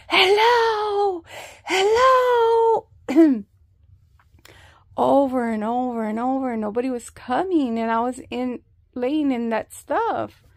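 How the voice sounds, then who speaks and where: A woman vlogging a health update to a nearby camera, telling her story in a slow, rambling way with many fillers and restarts. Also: on the high side, warm tone, no room sound, studio quality.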